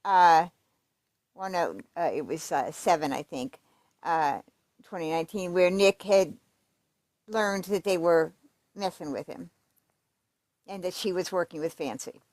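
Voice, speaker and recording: A woman's voice: on the low side, measured pace, pauses often, darkish tone, no echo. A woman giving casual true crime commentary, reading letters aloud in a conversational, emphatic way with fillers and restarts.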